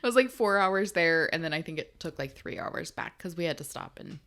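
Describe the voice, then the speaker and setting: A woman's voice: deep voice, lively intonation, fairly quick, sharp tone. A woman hosting a book podcast, opening the show and chatting casually with her co-hosts. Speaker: podcast host. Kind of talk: casual chat.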